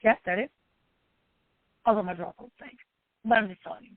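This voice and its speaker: A woman's voice: a little fast, no echo. Emotional woman life coach talking to followers, tinny phone sound, dry. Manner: emotional, repetitive, sometimes cries out high. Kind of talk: personal monologue to followers.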